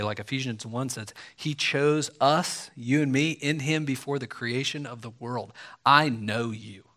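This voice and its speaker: A man delivers a sermon in a relaxed, conversational voice of ordinary pitch. He keeps it lively, slipping into quoted speech and casual asides as he explains a passage. The tone stays talky rather than grand. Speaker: preacher.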